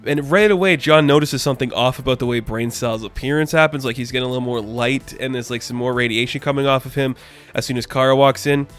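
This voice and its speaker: A man's voice: mid-range voice, fast, fairly bright tone, soft background music. A man giving a casual comic book review, chatty and full of fillers, loosely paraphrasing what the characters say.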